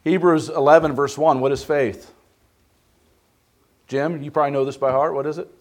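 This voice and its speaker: A man's voice: on the high side, fairly even intonation, moderate pace. A man preaching a Bible study, emphatic, putting questions to the class. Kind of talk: interactive Bible study sermon.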